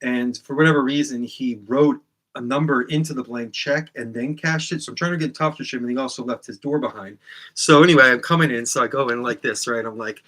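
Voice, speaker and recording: A man with a bright, forceful voice rambles through a deadpan comedy monologue straight to the camera. He hesitates constantly with ums and trails off. He speaks from a small, closet-like room. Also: medium pitch, a little fast. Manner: meandering, full of ums, bursts into loud put-on shouts. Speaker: comedy show host.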